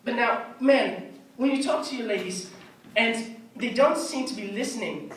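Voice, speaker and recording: A teenage boy doing animated stand-up comedy on a stage, slipping into silly voices. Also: very high voice, normal speed. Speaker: stand-up performer. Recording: echoey hall from far off, noisy.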